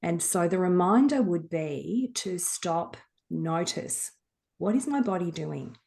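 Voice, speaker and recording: A woman guesting on a podcast speaks in a lowish voice. She talks candidly and reflectively, with an earthy turn of phrase. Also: lively intonation, takes it slowly, gravelly, mellow. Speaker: guest author. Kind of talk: casual interview talk.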